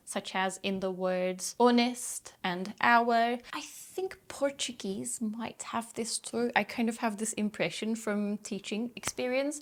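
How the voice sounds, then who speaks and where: A woman who grew up speaking Turkish teaches an online pronunciation lesson, saying each drill word slowly and carefully twice over. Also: medium pitch, a bit bright.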